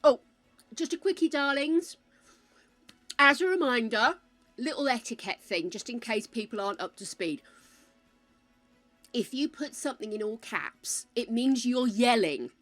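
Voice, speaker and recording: Older British woman, live streamer, bright and forceful, chatty, swears, sudden loud bursts. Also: fairly high pitch, animated, a little slow, long pauses, soft background music. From United Kingdom. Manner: chatty, calls viewers darling, swears freely, loud bursts. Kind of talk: casual live-stream chat.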